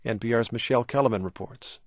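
A man's voice: medium pitch, quick pace, no echo, clean studio sound. A man anchoring a news program, reading a scripted introduction.

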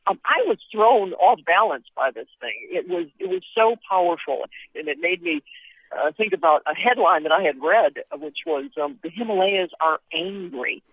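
A woman correspondent reports live by telephone, her voice gravelly and her pitch moving up and down a lot. The line is tinny and dry, with no room sound. She tells events vividly and often pauses on fillers. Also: big pitch swings, no room sound. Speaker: foreign correspondent. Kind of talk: live phone report from the field.

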